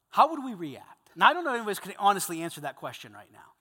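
A man preaching a sermon to a group of men, animated, swinging between loud emphasis and hushed intensity. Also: sits high, racing, husky, in a large hall. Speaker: pastor.

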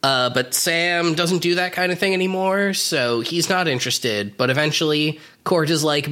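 Young man, podcast co-host, bright tense tone, slightly high voice, wry recaps. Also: moderate pace, few pauses. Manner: recaps plot with wry asides. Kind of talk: casual comedic podcast chat.

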